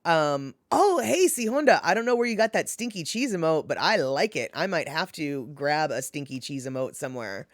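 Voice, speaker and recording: A woman hosting a live stream, chatting casually and reading out chat messages, animated and laughing often with lots of fillers. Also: sits low, normal speed, few pauses, no echo, clean studio sound. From Washington state. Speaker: livestream host reading chat.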